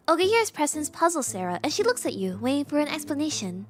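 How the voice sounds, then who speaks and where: A woman's voice: sits high, sing-song, fast talker, few pauses, faint music behind. A young woman streaming a game, chatting casually and reading the story aloud with self-mocking asides.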